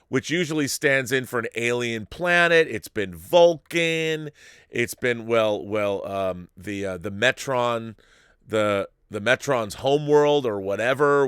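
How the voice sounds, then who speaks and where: A man hosting a live-stream show, reading viewer messages and riffing on them in a rambling, animated way with frequent restarts. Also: mid-range voice, smooth, no room sound, clean studio sound. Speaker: show host reading viewer super chats. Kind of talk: casual live-stream commentary.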